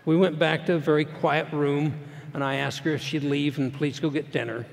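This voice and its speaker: A middle-aged man tells a personal story to a live audience in a plainspoken, folksy way. His voice sits a little high and has a gravelly edge. The sound carries a long reverb from a big hall. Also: moderate pace. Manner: plainspoken folksy storytelling, swinging from hushed to loud. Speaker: motivational speaker.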